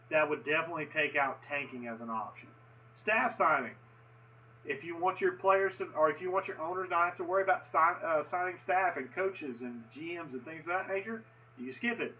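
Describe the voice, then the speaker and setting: A man's voice: fairly high pitch, far from the mic, lo-fi sound, slight background noise. A man casually commenting on a sports video game's franchise settings, enthusiastic and often repeating himself. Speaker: gaming video host.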